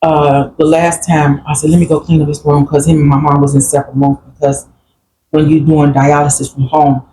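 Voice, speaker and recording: Low-voiced woman telling a personal story. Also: little pitch movement, fairly quick, warm tone, slight background noise, rough recording. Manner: earnest, plain-spoken, quotes family members while recounting. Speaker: guest sharing a grief story. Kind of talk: personal storytelling in a group conversation.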